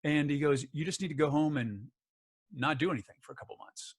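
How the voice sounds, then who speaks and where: A man's voice: a little high, fairly quick, breathy edge. A middle-aged man telling a personal story in an interview, acting out the other people's lines as he goes. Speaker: guest, author and voice actor.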